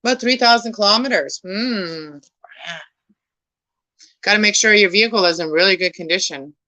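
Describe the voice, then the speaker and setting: A young woman chats with her viewers in a loose, rambling way while she cleans at night, sometimes drifting off the mic. Her voice is bright and forward, and she talks in a middle pitch. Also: moderate pace, no room sound, poor audio. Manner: rambling, talks to viewers by name, laughs often. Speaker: vlogger chatting with live viewers. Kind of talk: casual chat while cleaning. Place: home room at night.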